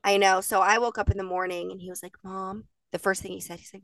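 A woman's voice: mid-range voice, little pitch movement, fast talker, hardly any pauses, fairly bright tone, dry recording, distant mic. A woman in her thirties, co-hosting a podcast and telling stories in a chatty, emotional way, laughing often. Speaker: podcast co-host. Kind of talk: casual chat.

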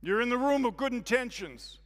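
A man giving a guest sermon as a story, acting out the scenes with sudden loud, excited bursts. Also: very high-pitched, brisk, in a large hall. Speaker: guest speaker.

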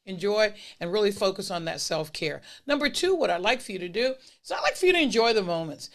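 Encouraging podcast host repeating key phrases. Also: mid-range voice. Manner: steady, unhurried delivery with list-style points. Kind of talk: motivational holiday message to listeners.

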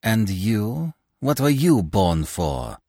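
A man's voice: fairly low pitch, big pitch swings, slow pace, warm tone, dry recording, studio quality, pitched above the performer's own voice, exaggerated voice. A man voicing a vain, dull young leading actor who sneers. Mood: sneering. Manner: sneering, contemptuous.

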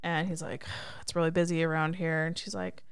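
A woman's voice: sits low, fairly even intonation, a little fast, smooth. A woman co-hosting a podcast, chatting casually through a recap, laughing often and acting out what characters say. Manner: laughs often, acts out characters' lines in quotes. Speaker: podcast co-host.

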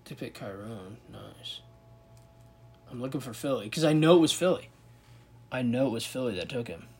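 Husky-voiced man giving casual sports commentary. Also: mid-range voice, animated, normal speed. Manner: thinks aloud and reacts with disbelief. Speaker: sports video host. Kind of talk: casual commentary on a football draft.

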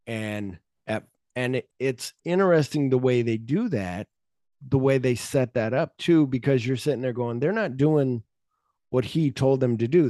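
Laid-back man with a dark, mellow voice. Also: medium pitch, no room sound, studio quality. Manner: retells scenes with quick offhand impressions of characters. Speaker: podcast host. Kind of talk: casual movie discussion podcast.

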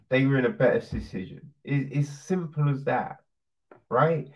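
Profane, heated ranter, slow and lively. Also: medium pitch. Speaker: commentator. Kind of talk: ranting opinion monologue. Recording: distant dull lo-fi sound.

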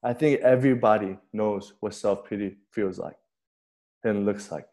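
A man's voice: lowish voice, steady tone, normal speed, warm tone. A young man preaching a sermon and telling a personal story in a casual, conversational way, often repeating words as he starts a sentence. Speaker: pastor.

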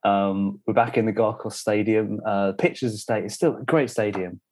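A man's voice: on the low side, normal speed, a little mellow. A young adult man co-hosting a podcast, talking in a rambling, casual way full of fillers. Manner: rambling, filler-heavy banter. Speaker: podcast co-host. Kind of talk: casual chat.

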